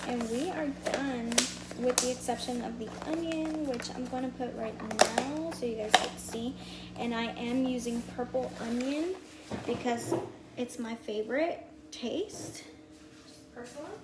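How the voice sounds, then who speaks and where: A woman talks slowly and easily in a slightly high voice as she hosts a meal prep livestream. She chats to her viewers and counts items aloud. Her kitchen sounds echoey, with loud background noise all through. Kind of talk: casual livestream demo. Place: home kitchen. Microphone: earpiece mic.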